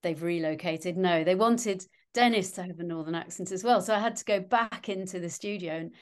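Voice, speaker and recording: Middle-aged woman, actress guest; chatty, self-mocking, lively anecdotes. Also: medium pitch, fairly quick. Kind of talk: anecdotal interview chat.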